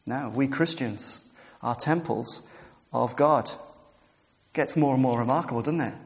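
A man preaching a sermon with animated emphasis, building to emphatic peaks and easing into quiet reflection. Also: mid-range voice, measured pace. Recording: long hall reverb.

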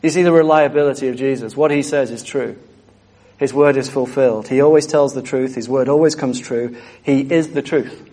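A man's voice: medium pitch, steady tone, brisk, dark tone. A man preaching a sermon, earnest and emphatic, repeating key phrases.

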